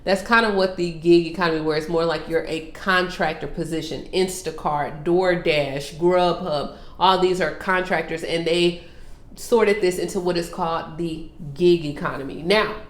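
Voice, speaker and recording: A woman's voice: on the low side, fairly even intonation, normal speed. Woman vlog host, sassy and teasing, answers viewer questions in an echoey room. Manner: sassy, teasing, calls viewers girl and sis. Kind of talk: casual Q&A vlog.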